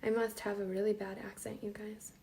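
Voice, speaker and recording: A woman's voice: mid-range voice, level tone, a little fast, warm tone, slight background noise. A woman hosting a live cooking stream from her home kitchen, chatting casually, reading out viewers' names and talking to herself as she cooks.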